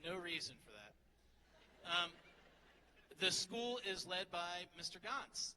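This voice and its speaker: A high, very animated male voice with a sharp tone speaks slowly, with slight background noise. The middle-aged teacher stands at a podium microphone in a large graduation hall, delivering a humorous speech of teasing and self-deprecating jokes amid hall reverb and faint crowd ambience.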